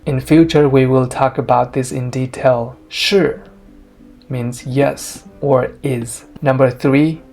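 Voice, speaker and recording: A language teacher giving a lesson summary, sounding out each tone slowly and carefully. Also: medium pitch, fairly even intonation, creaky, warm tone, soft background music.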